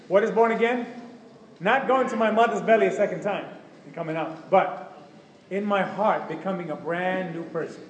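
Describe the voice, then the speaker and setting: A man's voice: high voice, moderate pace, a little hiss or hum. A man preaching a sermon with passion, acting out prayers and dialogues as he goes. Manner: impassioned, acts out prayers and dialogues. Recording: echoey hall with faint ambience.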